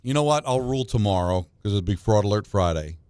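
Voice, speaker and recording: Fast-talking lower-voiced male co-host. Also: animated, darkish tone, no echo. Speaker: sports radio co-host. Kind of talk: casual radio banter.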